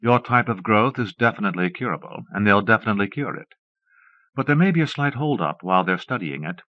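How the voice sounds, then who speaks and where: A man reads a polite woman with a quietly cynical edge and a brisk manner. The voice is low, and the old cassette sound is dull and dry. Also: expressive, dry recording, lightly acted. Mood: reassuring.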